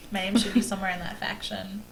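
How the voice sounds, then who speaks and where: A woman's voice: mid-range voice, little pitch movement, fast talker, gravelly, fairly bright tone, slight background noise, low-quality recording. A woman co-hosting a podcast in casual chat, joking and laughing often. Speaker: podcast co-host.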